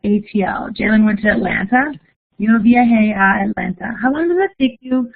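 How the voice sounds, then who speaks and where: Heard through phone-like narrow audio, a young woman teaches Spanish in a live online lesson, reading chat answers with upbeat encouragement. Her voice sits at a medium pitch with vocal fry, at normal speed.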